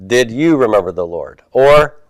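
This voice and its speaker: A man's voice: medium pitch, animated, normal speed, dry recording. A man teaching a Hebrew class, reviewing homework and patiently asking his students questions before answering them himself.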